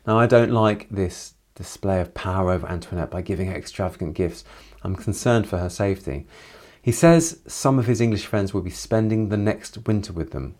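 Low-voiced man, reflective book commentary. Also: moderate pace, a little mellow. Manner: reflective, with personal asides. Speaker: literature commentator. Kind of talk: chapter summary and commentary on a novel.

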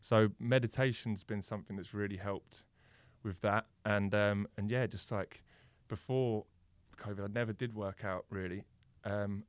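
A man's voice: lowish voice, normal speed, hardly any pauses, clean tone, no room sound. A young man, a podcast guest telling stories in casual chat, swearing freely and acting out the people in them. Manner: animated storyteller, swears freely, acts out the people in his stories.

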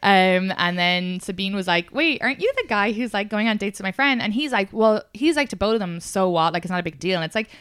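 A young woman hosting a comedy podcast, with a smooth, resonant voice recorded close and dry. She chats casually and tells anecdotes, acting out quoted exchanges with other people. She laughs easily between lines. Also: medium pitch, lively intonation, a little fast, hardly any pauses, a bit bright, dry recording. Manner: chatty storyteller, acts out quoted exchanges, laughs often. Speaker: podcast host, stand-up comedian. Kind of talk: casual chat.

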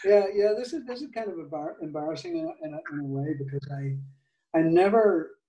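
An older man with a Northern Irish accent, telling a story in an interview, halting, with many restarts and soft laughs. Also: on the high side, far from the mic. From Northern Ireland. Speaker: guitar maker, guest. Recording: echoey room, off-mic.

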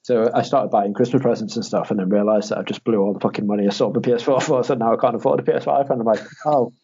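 Young man, casual podcast chat, animated storyteller, mellow husky voice. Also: mid-range voice, fast talker. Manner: animated storytelling, acts out quotes in a raised voice, swears, laughs often. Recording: dull lo-fi audio.

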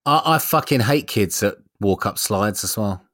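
A woman co-hosting a podcast with frank, sweary, quick reactions. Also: extremely low pitch, animated, fairly bright tone. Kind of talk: casual chat.

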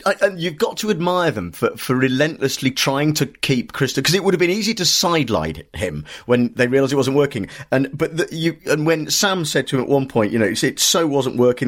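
A man co-hosting a podcast, telling stories animatedly with lots of restarts. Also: medium pitch. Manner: animated storytelling with many restarts. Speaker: podcast co-host. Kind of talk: casual podcast chat.

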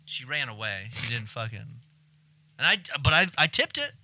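Animated, bright-voiced man telling a story. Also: medium pitch, normal speed. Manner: animated storyteller, swears freely, acts out shouting. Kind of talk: casual chat.

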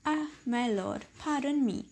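A woman's voice: high voice, a little slow, creaky, darkish tone, slight background noise. A woman voicing a frightened male merchant who pleads earnestly for his life, read aloud as a story. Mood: pleading.

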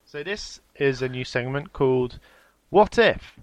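A man's voice: mid-range voice, expressive, measured pace, no echo. A man co-hosting a podcast, chatting casually with punning, teasing banter. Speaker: podcast co-host. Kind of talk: casual chat.

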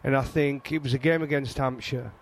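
Middle-aged Yorkshire man, chatty storyteller, mid pitch, faint outdoor noise behind. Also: fairly quick. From England. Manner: animated storytelling, frequent restarts. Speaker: guest, former fast bowler. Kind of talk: casual chat.

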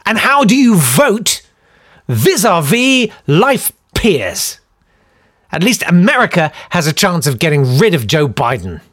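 A man's voice: high voice, sing-song, a little slow, a bit bright, dry recording, studio quality. A man hosting a podcast, delivering a sarcastic, ranting comic monologue to his listeners. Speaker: podcast host.

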